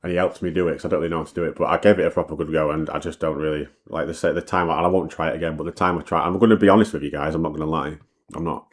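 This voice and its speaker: This man's voice rumbles low with fairly even intonation as he tells a sweary, rambling personal story full of restarts and repeats. It's a casual storytime monologue, and he's aware of how fast he talks.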